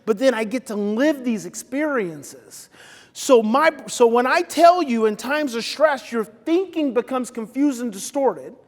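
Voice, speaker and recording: A man speaking at a live seminar, telling a story dramatically, with his voice swinging from loud outbursts to hushed whispers. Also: extremely high pitch, animated, unhurried. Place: seminar hall. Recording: long reverb of a large hall.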